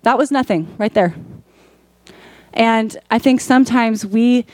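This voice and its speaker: Woman pastor, sermon, higher voice, dry close sound, casual delivery that builds to emphatic peaks. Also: a little slow, darkish tone, no room sound. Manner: conversational preaching, rising to emphatic peaks.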